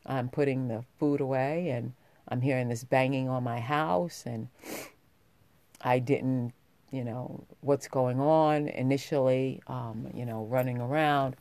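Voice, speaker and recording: A woman's voice: extremely low pitch, fairly even intonation, measured pace, darkish tone, dry recording. A woman vlogging, telling a personal story in a heartfelt, rambling way with many restarts, getting emotional as she talks.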